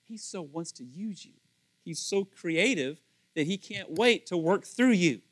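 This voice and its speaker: A male pastor giving a sermon in a chatty storytelling way, acting out little scenes and swinging from loud to soft. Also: sits high, animated, unhurried, dry recording. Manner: conversational storytelling, acts out voices.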